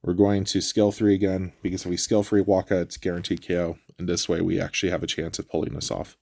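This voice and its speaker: A man with a stuffy nose talks through a game run in a low, gravelly voice. His delivery is relaxed and explanatory, full of fillers. The recording is dry and close. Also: fast talker, no room sound. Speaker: gameplay commentator. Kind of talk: casual game walkthrough commentary.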